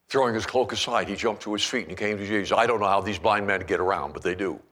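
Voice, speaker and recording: A man pastor preaching a sermon in an animated storytelling manner, acting out scenes as he goes. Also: sits low, fairly quick, husky.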